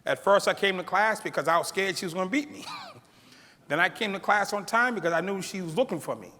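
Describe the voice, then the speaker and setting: A man's voice: sits high, a little fast. A middle-aged man telling a personal story to an audience, acting out the people in it and laughing at his own lines. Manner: animated, acts out quoted voices. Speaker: keynote speaker. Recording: long hall reverb.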